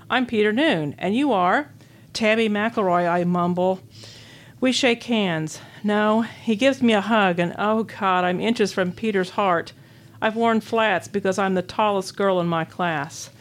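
An older woman from Illinois, reading her own memoir essay aloud as a guest, in a wistful, wry storytelling manner. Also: medium pitch. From Illinois, USA. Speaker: author and guest.

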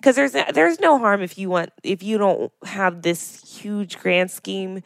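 A woman co-hosting a podcast, chatty and animated, who acts out little quotes as she talks. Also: mid-range voice, measured pace, vocal fry, no room sound, clean studio sound. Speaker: podcast co-host. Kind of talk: casual podcast chat.

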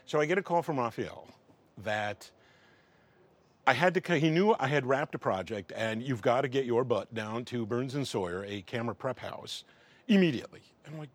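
A man's voice: mid-range voice, normal speed. A middle-aged man in an interview, telling a wry anecdote and acting out the dialogue. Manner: animated, acts out dialogue, wry. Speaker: interview guest, film professional. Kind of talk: anecdotal storytelling.

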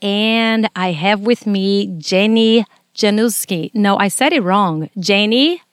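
A woman's voice: medium pitch, takes it slowly, clean tone, no echo, studio quality. A woman with a non-native English accent, a veterinarian hosting a casual interview podcast, chatty and a little stumbling.

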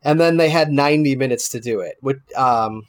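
A man co-hosting a podcast, recapping a baking show in a relaxed, chatty way and laughing as he talks. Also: medium pitch, fairly quick, no echo. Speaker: podcast co-host. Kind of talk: casual chat recapping a TV show.

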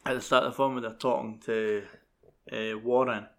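Relaxed man chatting. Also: mid-range voice, moderate pace, vocal fry. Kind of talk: casual film discussion.

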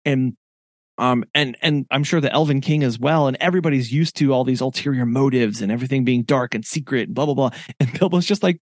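A man's voice: medium pitch, a little fast, no room sound, studio quality. A man co-hosting a podcast, discussing a book in a thoughtful, reflective way and reading passages aloud before commenting on them. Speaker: podcast co-host.

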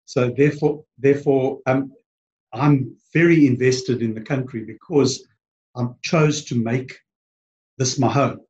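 A man's voice: mid-range voice, fairly even intonation, measured pace, a little mellow, lo-fi sound. A man with a South African accent, a guest in a casual interview, speaking hesitantly with many ums and restarts. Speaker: podcast guest.

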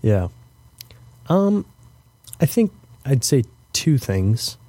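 A man's voice: medium pitch, sing-song, very slow, mellow, husky, no echo. A young man answering interview questions as a guest, thoughtful and hesitant, with frequent fillers and restarts. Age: young adult. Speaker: podcast guest.

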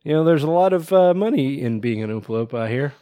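A man's voice: fairly high pitch, expressive, fast talker, warm tone. A man co-hosting a podcast, trading jokes and laughing through casual banter. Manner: joking, irreverent banter with frequent laughs. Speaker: podcast co-host. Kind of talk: casual chat.

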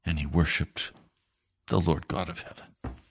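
A man's voice: very deep voice, steady tone, unhurried, husky. A man preaching a sermon, emphatic and repeating phrases for weight.

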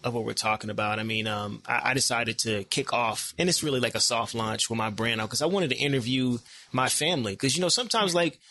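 A young American man chatting as a podcast guest, energetic and animated, laughing often and repeating words as his ideas tumble out. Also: medium pitch, fast talker, hardly any pauses, no echo. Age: young adult. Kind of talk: casual conversational interview.

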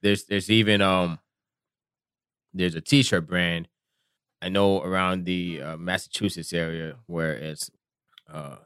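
Man, podcast co-host, laid-back, halting speech, deep resonant voice, dry close sound. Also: steady tone, a bit bright, clear, resonant tone, no echo. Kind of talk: casual chat.

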